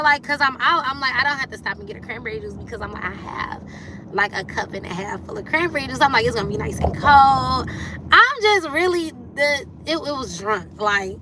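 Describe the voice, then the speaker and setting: A woman, hosting a livestream and telling stories candidly in casual chat, acting out quotes with sudden leaps up in pitch. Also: noisy background. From Detroit, USA. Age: 30s. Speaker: livestream host.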